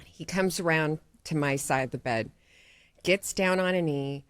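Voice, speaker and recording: A woman co-hosting a podcast, telling a personal story in casual chat, animated and often laughing. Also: low voice, unhurried, clear, resonant tone, dry recording, studio quality. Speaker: podcast co-host.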